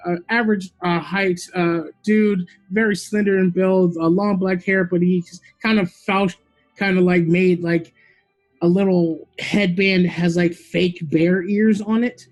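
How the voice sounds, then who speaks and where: A man's voice: sits high, fairly even intonation, unhurried, soft background music. A man playing a tabletop game, rambling casually with many fillers as he describes his character. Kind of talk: in-character role-play chat.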